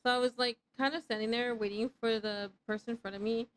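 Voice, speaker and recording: A woman's voice: a little high, fairly even intonation, fast talker, a little hiss or hum, low-quality recording. Chatty woman streamer in her thirties. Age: 30s. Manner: rambling, swears freely, self-mocking banter with chat. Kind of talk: casual live gameplay chat.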